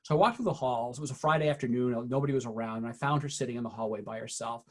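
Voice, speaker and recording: A middle-aged man speaks in a husky, mid-pitched voice as he leads a training session for teachers. He tells true stories from his school years earnestly and often pauses to restart his sentences. His tone stays quiet and serious when he recounts hard moments. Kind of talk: recorded training talk with personal stories.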